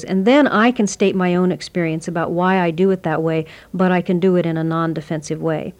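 A woman who teaches communication workshops, answering interview questions in a measured way and explaining her ideas through everyday examples. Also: on the low side, fairly even intonation, darkish tone.

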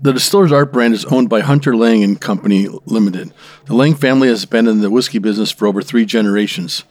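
A man co-hosting a drinks show, reading out a brand's history in a steady manner. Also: on the low side, fast talker, no echo. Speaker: co-host presenting background. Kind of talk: read-aloud background segment.

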